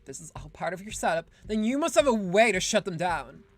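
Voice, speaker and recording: A shrill, panicked hotel guest. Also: female voice, animated, quick pace, no echo, faint music behind. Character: panicked adult female hotel guest, demanding and fearful.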